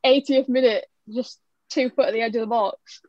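A woman's voice: on the high side, steady tone, normal speed, a little mellow, no echo. A woman telling a football story in casual chat, laughing as she goes. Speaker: podcast guest. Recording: dry, dull lo-fi.

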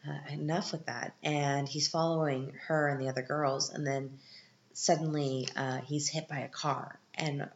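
Very low, gravelly woman chatting casually. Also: little pitch movement, measured pace, a little hiss or hum. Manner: chatty, candid, sarcastic asides. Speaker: podcast host. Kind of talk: casual film recap chat. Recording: echoey, dull lo-fi room.

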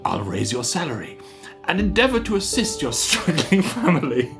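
A blustery Victorian employer, as a man reads him aloud, a bit higher than the reader's own voice. He growls and booms like a storybook master of the house. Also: huge pitch swings, normal speed, music in the background. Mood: hearty. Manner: growling, then hearty. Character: gruff Victorian male boss turned jolly.

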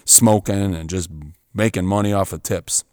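A man's voice: deep voice, steady tone, moderate pace, a little mellow, smooth, no echo, studio quality, lightly acted. Man doing a griping old man on a bench. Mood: grumbling. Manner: grumbling, griping. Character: grumbling man in his seventies on a bench.

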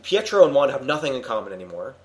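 A man hosting a casual comics discussion, retelling a story with animated enthusiasm and many restarts. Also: mid-range voice, racing. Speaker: podcast host reviewing comics. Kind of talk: casual chat.

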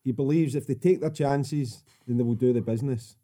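A man's voice: medium pitch, fairly quick, dark tone. A man hosting a casual football chat and reading out notes.

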